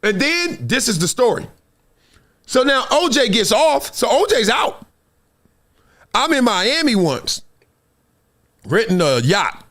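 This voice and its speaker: A middle-aged man with a Southern California accent, hosting a live show and telling a story in a lively way, acting out quotes and laughing often. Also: extremely high pitch, slow, long pauses. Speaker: host.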